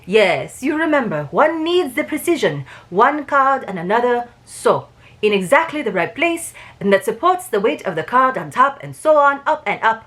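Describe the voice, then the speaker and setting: A fastidious middle-aged male detective, read aloud by a woman. His phrasing is formal and exact, and the delivery swings through a lively range of pitch. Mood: calm, precise.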